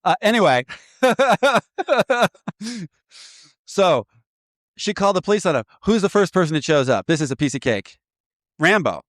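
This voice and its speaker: A man sponsoring in a recovery program, walking a listener through an inventory in a lively, joking way with frequent laughter. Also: high-pitched, unhurried, long pauses, no room sound, studio quality. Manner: animated, laughs often, acts out voices. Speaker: AA sponsor guiding a step inventory. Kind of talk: casual teaching talk.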